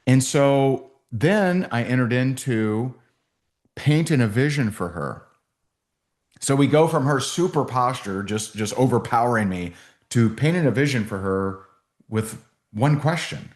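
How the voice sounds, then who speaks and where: A man's voice: medium pitch, animated, measured pace. A man giving a sales training talk, telling stories and acting out both sides of phone calls.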